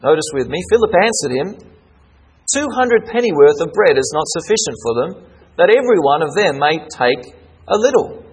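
A man preaching a sermon, animated, acting out prayers with a raised voice and repeating words as he searches for them. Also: fairly high pitch, normal speed, slightly rough. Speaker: pastor.

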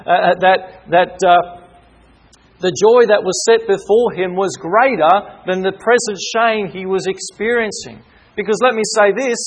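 A man preaching a sermon in a high, husky voice. He peppers his talk with rhetorical questions and calls for amens. He drags out key words and stalls on repeated fillers. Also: low-quality recording. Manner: slows and stresses key words, with hesitant fillers. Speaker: pastor.

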